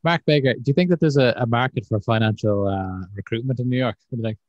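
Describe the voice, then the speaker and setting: An Irish man co-hosting a podcast, chatting casually and telling stories with animated quoted voices. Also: medium pitch, fast, dry recording, highs cut off. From Ireland. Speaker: podcast co-host.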